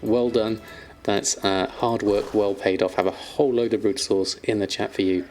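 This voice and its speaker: During a casual live stream, a low-voiced man reads out viewer questions and answers them, sprinkling in lots of ums and fillers. His voice is a little mellow, his intonation fairly even, and his speed normal. A bit of hiss or hum sits under the recording.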